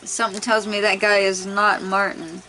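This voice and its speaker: A woman's voice: mid-range voice, little pitch movement, moderate pace, sharp tone, slight background noise, low-quality recording. A young woman in a laid-back, tired casual chat at home, giggling now and then as she reads aloud. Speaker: vlogger reading aloud.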